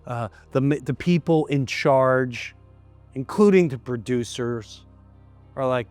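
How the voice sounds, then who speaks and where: A man's voice: mid-range voice, slow, darkish tone, dry recording, faint music behind. A male comedian recounting a story in an interview, emphatic and repetitive, sometimes dropping to a near-whisper.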